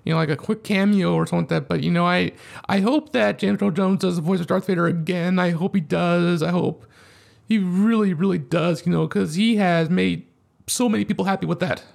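A man's voice: high voice, fairly even intonation, fairly quick, gravelly, a little mellow. A man co-hosting a podcast, chatting casually and rambling with lots of filler phrases. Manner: rambling, heavy use of "you know". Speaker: podcast co-host. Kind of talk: casual chat.

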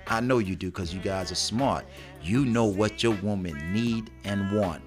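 Man co-host, lowish voice, animated delivery, faint music behind. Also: a little slow. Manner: animated, acts out quotes with big pitch jumps. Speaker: podcast co-host. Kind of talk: casual relationship talk.

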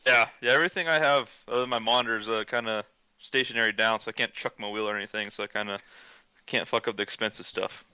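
A laid-back man recounts a racing mishap in casual chat. His voice is bright and smooth. It comes through a dull, dry, lo-fi microphone. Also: fairly low pitch, steady tone, fast talker, no echo. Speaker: podcast guest.

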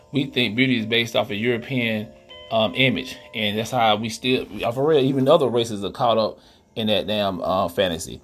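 A middle-aged podcast host with a creaky, mid-range voice delivers a casual, preachy monologue. He frequently asks "you know what I'm saying".

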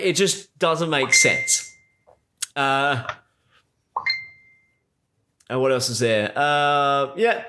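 A young man recaps a film in a loose, rambling rant. He swears freely and sounds sarcastic, and his voice sits a little higher than most men's. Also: a bit bright, a little hiss or hum. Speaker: film reviewer.

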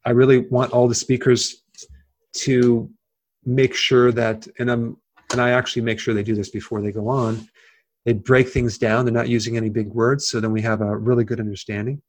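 A man's voice: medium pitch, little pitch movement, normal speed. A man as an interview guest, explaining things plainly, with frequent fillers and restarts. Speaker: guest, health video creator. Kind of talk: casual interview talk.

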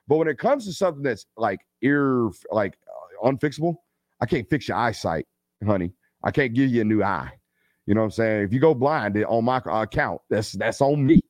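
A man in his thirties hosts a live football stream, talking in a loose, slangy storytelling way. His pitch is mid-range, and the close mic gives a dry sound with little room. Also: animated, moderate pace, no echo. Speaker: host of a live football show. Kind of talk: casual live-stream chat.

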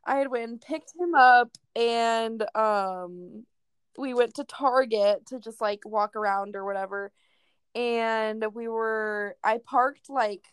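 A woman's voice: fairly high pitch, slow pace, smooth, dry recording. Profane young woman telling a story. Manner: crude, profane, laughing storyteller. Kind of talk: casual storytelling chat.

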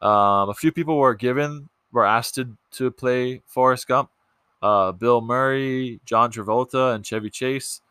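A man's voice: medium pitch, measured pace, sharp tone, clear, resonant tone, dry recording. A young man hosting a casual movie podcast, chatty and loose, with lots of ums and restarts. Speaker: podcast host.

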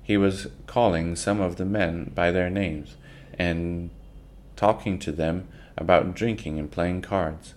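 A man reads a children's book aloud in a very deep voice. He takes his time, going slowly and plainly, and sometimes stumbles and restarts a word. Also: fairly even intonation, darkish tone. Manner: unhurried reading with small slips and restarts.

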